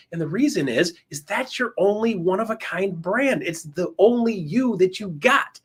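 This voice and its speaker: Husky, enthusiastic male sales coach. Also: animated, normal speed, hardly any pauses. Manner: enthusiastic, emphatic, swings pitch up and down. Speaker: real estate trainer presenting to agents. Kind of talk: energetic motivational coaching talk.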